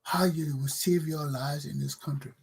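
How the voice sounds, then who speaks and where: Liberian talk show guy, high pitched and kinda raspy, angry scolding rant that keeps repeating itself. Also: steady tone, normal speed, darkish tone. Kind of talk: ranting monologue.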